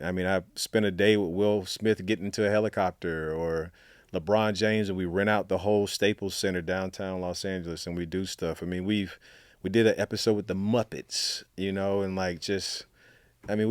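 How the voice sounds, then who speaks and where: A man's voice: sits low, dry recording, studio quality. A middle-aged man from Alabama, a guest telling stories in a casual, chatty way with lots of fillers. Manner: chatty, many fillers, acts out quotes. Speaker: guest, author and storytelling coach. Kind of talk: casual interview storytelling.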